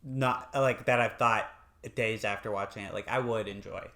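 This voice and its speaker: A man's voice: fairly low pitch, steady tone, normal speed, vocal fry, bright, forceful tone. Man casually reviewing movies with laughs. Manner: laid-back, swears casually, laughs often. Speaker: podcast co-host.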